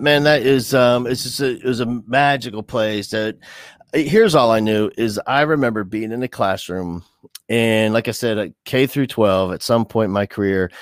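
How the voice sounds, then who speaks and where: Animated middle-aged man, dry close sound. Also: on the low side, no room sound. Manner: animated, restless, full of restarts. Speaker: guest educator. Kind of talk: casual podcast chat.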